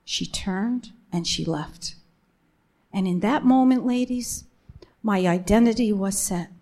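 A woman sharing her personal faith testimony with a women's gathering, earnest and emphatic, slowing down on the key phrases. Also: mid-range voice, warm tone.

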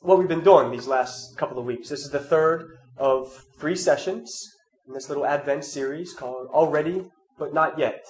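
A man with a nasal, congested voice from a cold delivers scripture and a measured sermon. His pitch sits a little high for a man. The sound is roomy and echoing, with a faint ambient hiss behind it. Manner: measured, reflective, with soft asides. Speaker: preacher leading an Advent talk series. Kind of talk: scripture reading then sermon talk.

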